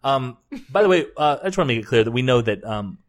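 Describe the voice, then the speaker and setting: A young man chatting casually as a co-host, medium-pitched and easygoing. He rambles through his jokes and backtracks to fix himself as he goes. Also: lively intonation, quick pace. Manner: joking, rambling, self-correcting. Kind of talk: casual chat.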